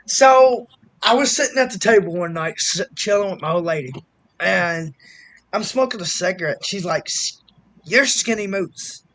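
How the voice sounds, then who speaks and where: A man with a high, bright-edged voice tells a rambling story on a live stream, swinging into loud quoted voices and cursing as he goes. The sound is dry and close, with no room in it. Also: moderate pace, no room sound. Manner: animated storytelling, swears freely. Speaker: guest storyteller. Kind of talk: casual chat on a live stream.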